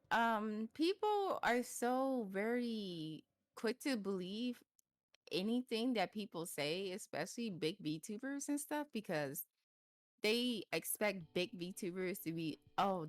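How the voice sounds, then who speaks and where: A woman's voice: on the low side, no room sound. A woman guest in a casual chat, rambling with lots of fillers and frequent laughs, on a streaming mic at home. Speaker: interview guest, VTuber.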